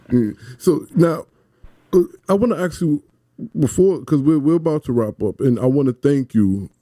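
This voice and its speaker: A man's voice: fairly high pitch, lively intonation, moderate pace, warm tone, no room sound. A man hosting a radio interview, eager and stammering, laughing easily. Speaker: radio host.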